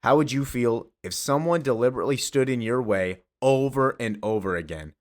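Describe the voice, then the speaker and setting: A man's voice: medium pitch, brisk, close to an everyday voice. A man voicing a boastful male arch-villain, gloating in a matter-of-fact way.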